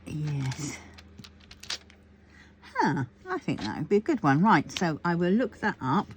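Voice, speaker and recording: A crafting vlogger with a low voice chats casually to camera, thinking aloud and rambling through her plans with plenty of fillers. She speaks slowly with big pitch swings, over faint keyboard tapping, quiet room ambience and a little hiss or hum.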